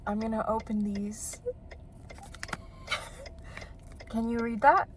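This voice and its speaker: A young woman vlogs to her phone, chatty and gushing, with a voice a little high for a woman. She talks slowly, taking her time between thoughts, and a faint hiss sits under the recording. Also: fairly even intonation. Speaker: vlogger and artist. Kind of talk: casual vlog talk to camera. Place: car.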